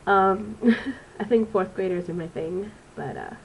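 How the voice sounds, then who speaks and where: A woman's voice: mid-range voice, a little slow, slight background noise, rough recording. Chatty nasal young woman with allergies. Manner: chatty and rambling, with frequent ums. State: stuffy nose from allergies. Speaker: student teacher reviewing a book. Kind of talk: casual vlog book review.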